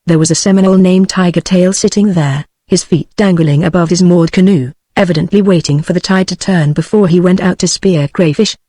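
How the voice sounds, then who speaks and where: A text-to-speech woman's voice with a British English accent, reading a novel aloud in an even, steady way. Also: lowish voice, no room sound. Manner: even, steady synthetic reading with no change between characters. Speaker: narrator. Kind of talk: text-to-speech audiobook narration.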